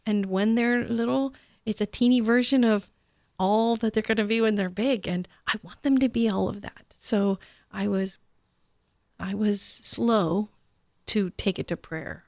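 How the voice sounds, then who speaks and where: A woman's voice: mid-range voice, a little slow, a little mellow, no echo, studio quality. A woman in her fifties talking on a radio show, reflective and self-deprecating, with hesitant restarts and frequent laughter. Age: 50s. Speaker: co-host or guest. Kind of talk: conversational radio talk show.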